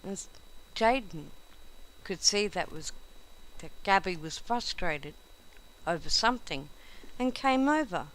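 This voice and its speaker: A woman narrating a storybook in a gentle, unhurried reading manner. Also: lowish voice, lively intonation, low-quality recording.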